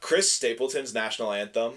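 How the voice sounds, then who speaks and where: A man's voice: mid-range voice, fairly quick. Chatty man with a slight lisp. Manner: rambling, self-correcting, animated opinions. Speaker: podcast co-host. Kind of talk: casual chat.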